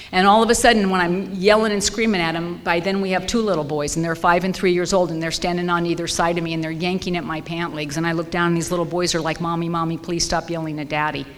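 A woman's voice: lowish voice, fairly bright tone. A woman sharing her personal story at a recovery meeting, candid and emphatic, repeating phrases for weight. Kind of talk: personal testimony. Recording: reverberant hall with faint ambience.

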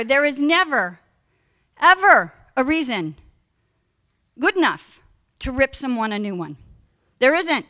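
A middle-aged woman speaks frankly about her own recovery, leaning hard on the words that matter. Her voice sits a little high and rings bright and forward. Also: very animated, unhurried, long pauses. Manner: candid, emphatic, acts out her past self in raised voice. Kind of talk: personal testimony talk.

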